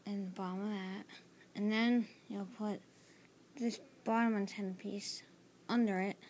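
A woman with a medium-pitched, slightly mellow voice speaks unhurriedly and fairly evenly over a faint hiss or hum. She's hosting a casual building tutorial, hesitant and full of fillers, often apologizing, recorded on a tablet's built-in camera mic.

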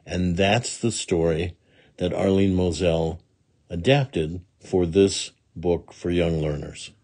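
A man reading a children's picture book aloud in a slow, expressive way. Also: low voice. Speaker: storybook reader.

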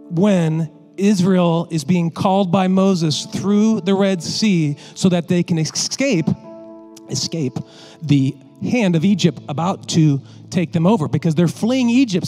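A male pastor preaching a sermon in an animated, joking way, talking straight to his congregation. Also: high-pitched.

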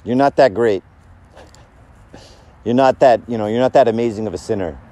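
A man's voice: medium pitch, moderate pace, dark tone. A man giving a casual, conversational sermon, joking and asking the audience questions. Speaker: church speaker.

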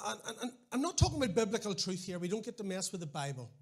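A middle-aged man with a Northern Irish accent, preaching a sermon with animated storytelling, wry asides and frequent restarts. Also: high voice, rapid-fire. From Northern Ireland.

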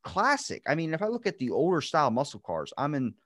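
A young adult man hosting a podcast in casual chat, telling animated stories with lots of swearing. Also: a little high, quick pace, no room sound, clean studio sound. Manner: animated storyteller, swears freely, acts out quotes. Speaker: podcast host.

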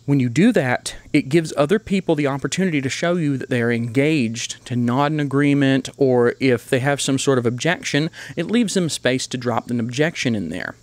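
A man's voice: mid-range voice, dry recording. A man hosting his own channel, giving an opinion commentary in a blunt, emphatic, lecturing way. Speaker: YouTube channel host.

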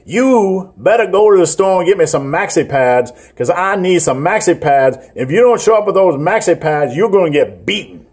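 A man voicing a bossy, demanding girlfriend who makes shrill threats, in a comic fitness vlog. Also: animated, normal speed, hardly any pauses, a little mellow, slightly rough.

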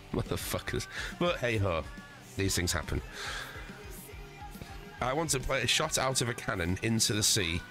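A man's voice: medium pitch, sing-song, unhurried, pauses often, music in the background. A man streaming live from home, chatting casually with a profane, rambling manner and stuffed up with a cold. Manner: profane, rambling, chuckling at his own jokes. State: congested with a cold.

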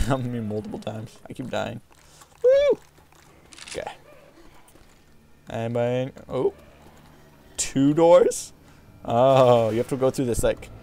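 Male gamer, mid pitch, gravelly and excitable, casual commentary over audible background noise. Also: normal speed. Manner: excitable, frequent yelps and exclamations. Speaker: gameplay commentator. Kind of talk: casual let's-play commentary.

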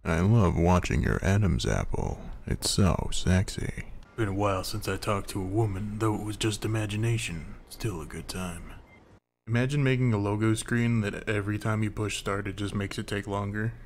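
A man's voice: lowish voice, moderate pace, slight background noise. A young man giving crude, joking commentary while playing a video game. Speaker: let's play commentator. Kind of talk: comedic gameplay commentary. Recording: game music behind voice. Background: game music.

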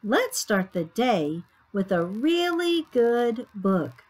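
A woman's voice: fairly high pitch, sing-song, slow pace, a little mellow, full character voice. A woman voicing a cheerful classroom teacher in a picture book, in a sing-song, enthusiastic way.

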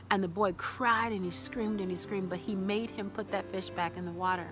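A woman's voice: medium pitch, fairly even intonation, brisk, hardly any pauses, a bit bright, soft background music. Chatty encouraging woman vlogger. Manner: chatty, encouraging, many fillers. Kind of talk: casual faith vlog.

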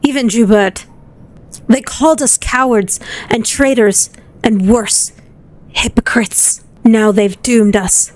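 A woman's voice: fairly high pitch, slow pace. A woman voicing a male French soldier, reading his grim diary notes aloud in a put-on French accent. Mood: bitter solemn.

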